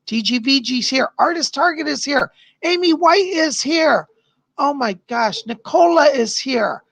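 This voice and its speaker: A man's voice: very high-pitched, expressive, unhurried, gravelly, fairly bright tone, dry recording. A man hosting a live stream as a psychic, chatting casually with viewers in a bubbly, gushing way and laughing often.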